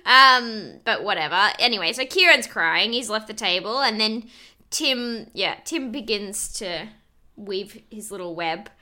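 A woman's voice: medium pitch, animated, measured pace, sharp tone. A young woman co-hosting a casual recap chat, laughing often and acting out what others said. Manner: laughing often, acts out quotes. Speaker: podcast co-host.

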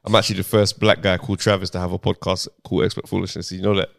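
A man's voice: sits low, very fast, gravelly. A man co-hosting a comedy podcast, teasing and acting out quotes in casual banter. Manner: animated, teasing, acts out quotes. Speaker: podcast co-host.

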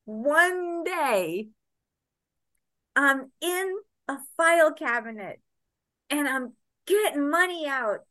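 A woman in her sixties telling animated stories in an interview, laughing often and swearing freely. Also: sits high, slow pace, pauses often. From Connecticut, USA. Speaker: guest, former cycling soigneur. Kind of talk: anecdotal interview storytelling.

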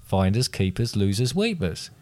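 A quiz host speaks at normal speed in a fairly low, darkish, sing-song voice. He runs a casual quiz, reading multiple-choice questions aloud with restarts and teasing his guest.

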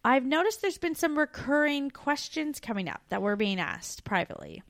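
A woman co-hosting a travel podcast, relaxed and easygoing, with a slightly high voice. The sound is dry and close to the mic. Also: normal speed, no echo. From Canada. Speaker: podcast co-host. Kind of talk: casual chat.

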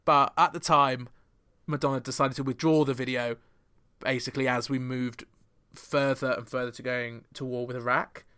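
A man's voice: medium pitch, little pitch movement, moderate pace, pushed and bright, smooth. A man hosting a podcast chart countdown, chatting through the songs with wry, joking asides. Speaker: podcast host.

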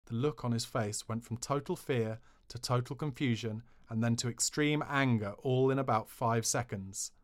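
A man reads a comic memoir aloud for a podcast. His delivery is dry and cheeky, in a mid-pitched voice. He sounds like he is enjoying the mischief. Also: normal speed, few pauses. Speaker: podcast narrator.

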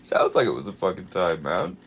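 A man's voice: low voice, huge pitch swings, fairly quick, vocal fry, a little hiss or hum. A man co-hosting a podcast, giving short wry reactions and laughing along in casual chat. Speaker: podcast co-host.

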